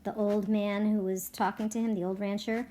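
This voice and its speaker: A woman's voice: medium pitch, little pitch movement, moderate pace, noisy background. A woman reading a novel aloud as a teacher, stopping for chatty asides full of fillers and self-corrections. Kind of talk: read-aloud with casual commentary.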